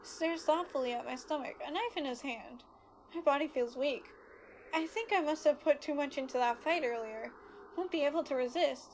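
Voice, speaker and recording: A woman's voice: sits high, normal speed, slight background noise. A woman streamer reading a visual novel aloud, narrating steadily with casual asides. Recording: game music playing behind.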